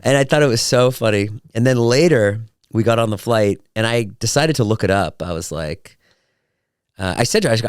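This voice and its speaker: Podcast guy rambling thru stories, low-ish voice that jumps around, super dry mic. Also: normal speed, smooth, no echo. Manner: animated storyteller, acts out quotes. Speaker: podcast host. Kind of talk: casual solo podcast chat.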